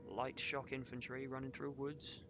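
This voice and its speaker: A man's voice: medium pitch, flat delivery, moderate pace, muffled recording, music in the background. A man commentating his own strategy game as he plays it, in a loose, conversational way. He swears freely and jokes with his viewers while he calls out orders to his troops. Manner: casual, swears, jokes with chat. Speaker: streamer. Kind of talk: live gameplay commentary.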